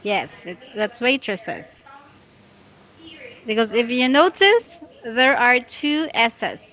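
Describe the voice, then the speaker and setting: A woman tutoring English one-on-one, patiently and slowly correcting a student's pronunciation. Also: on the high side, sing-song, fairly bright tone. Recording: dull lo-fi audio.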